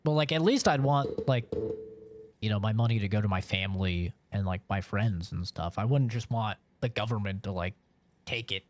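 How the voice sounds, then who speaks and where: A man's voice: on the low side, normal speed. A man live-streaming and chatting casually with viewers, rambling along with lots of filler words.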